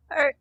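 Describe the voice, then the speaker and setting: A woman co-hosting a comedy podcast, rambling through an idea with lots of "like" and little acted-out voices. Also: pushed and bright. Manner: rambling, filler-heavy, acts out characters. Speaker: podcast co-host. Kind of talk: casual comedic chat.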